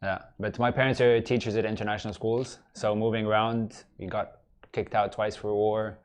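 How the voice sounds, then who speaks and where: A man's voice: lowish voice, flat delivery, normal speed. Man, 30s, interview guest, studio, joking, easygoing storyteller. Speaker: guest, content creator. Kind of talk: casual interview chat.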